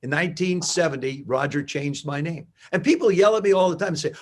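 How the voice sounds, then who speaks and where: A man in his seventies from New Jersey, a guest in an interview, telling animated stories and acting out dialogue. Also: a little high, fairly quick. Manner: animated anecdotes with acted-out dialogue. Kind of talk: conversational storytelling.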